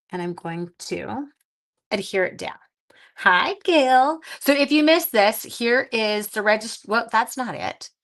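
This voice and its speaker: During a relaxed craft livestream, a woman makes cards while welcoming viewers and replying to their comments, frequently muttering half to herself. She has a creaky, fairly bright voice of medium pitch.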